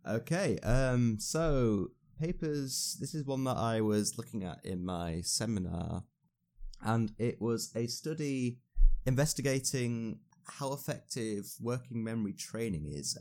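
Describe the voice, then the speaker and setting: A young man, a university student, talks casually on a podcast, rambling a little and using fillers. His voice sits at medium pitch and is a little mellow.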